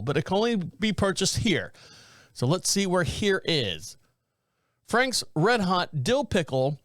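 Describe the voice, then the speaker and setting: A man's voice: sits high, fairly bright tone, no room sound, clean studio sound. A man, hosting a podcast in a rambling, jokey, self-mocking way. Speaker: podcast host. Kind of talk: casual solo podcast chat.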